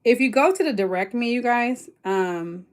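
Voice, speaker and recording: A woman's voice: on the high side, normal speed. Chatty, rambling woman livestreamer. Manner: chatty and rambling, many fillers, turns excited and emphatic. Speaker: online business coach hosting a livestream. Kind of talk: casual livestream talk.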